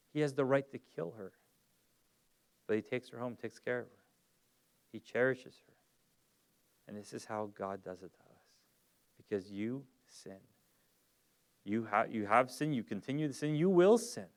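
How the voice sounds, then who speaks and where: A man preaching a sermon in a conversational way, dropping to a near whisper and rising loud again. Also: mid-range voice, clear, resonant tone. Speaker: pastor. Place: church.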